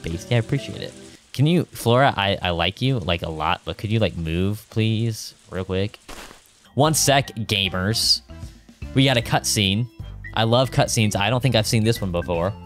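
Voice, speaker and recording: A man's voice: fairly low pitch, normal speed, a bit bright. A man streaming a farming game, giving casual, jokey commentary full of slang and the odd swear. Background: game music.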